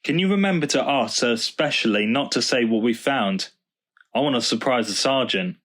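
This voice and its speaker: A man's voice: mid-range voice, animated, moderate pace. A man reading a patient, thoughtful father. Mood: gentle. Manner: warm, thoughtful and explaining. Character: kind, patient father and vicar. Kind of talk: storybook reading.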